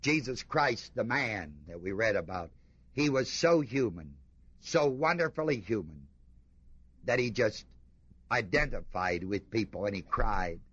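Guy preaching a sermon, asks the crowd lots of questions, goes quiet then fired up, kinda muffled dry lo-fi sound. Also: on the low side, lively intonation, unhurried, husky, no echo. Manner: emphatic, rhetorical questions to the congregation, swings between hushed and fervent. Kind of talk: sermon, reading and commenting on scripture.

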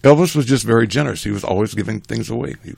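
An older man casually telling a rambling family story, animated and chuckling as he goes. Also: lowish voice, very fast, gravelly, husky, no echo.

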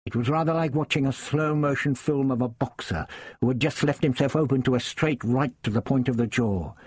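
A man reading a first-person story aloud in a measured, understated way. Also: medium pitch, a little mellow, husky, no room sound, studio quality. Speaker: audiobook narrator.

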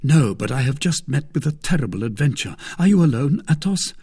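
A man's voice: mid-range voice, big pitch swings, brisk, mellow, husky, pitched above the performer's own voice. A man voicing an urgent young swordsman. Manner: urgent and solemn. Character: agitated young male swordsman, earnest.

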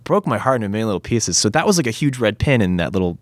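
A man's voice: lowish voice, rapid-fire, dry recording, clean studio sound. A man talking casually in an interview as an actor, telling stories animatedly with lots of fillers and some swearing. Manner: animated storytelling, many fillers, swears freely.

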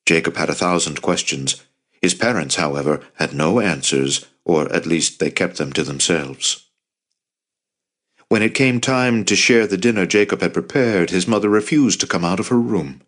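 A man reading an audiobook in scripted narration, measured and grave. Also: low-pitched, a bit bright.

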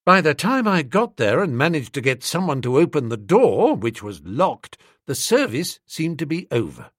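A man narrating a comic story as an audiobook, in a brisk, animated storytelling manner. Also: on the high side, no room sound, clean studio sound.

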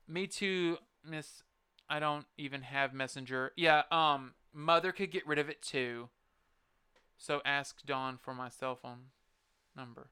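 A man's voice: on the high side, measured pace, pushed and bright, smooth, no echo. A man hosting a podcast, ranting in a casual, profane, rambling and emphatic way into a close microphone. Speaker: podcast host. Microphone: close podcast mic.

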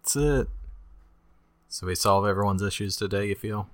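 A man with a deep baritone voice co-hosting a casual podcast, joking in a dry, deadpan way. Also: normal speed, no echo. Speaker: podcast co-host.

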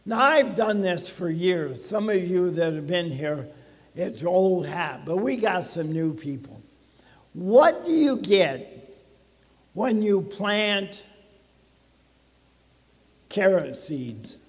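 A man's voice: high-pitched, lively intonation, slow, long pauses, in a large hall. A man pastor preaching a sermon to his congregation in a conversational way, putting questions to the listeners. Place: church sanctuary.

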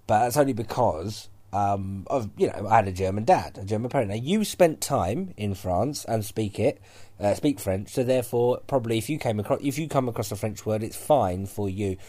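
A man chatting casually as a podcast co-host, animated and exclaiming, jumping up in pitch when excited. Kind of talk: casual chat.

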